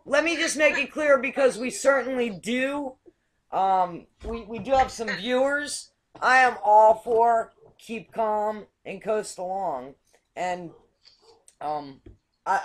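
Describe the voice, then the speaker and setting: A woman's voice: medium pitch, measured pace, slight background noise. A woman hosting a casual online talk show over a video call, chatty and hesitant, often repeating words. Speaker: host.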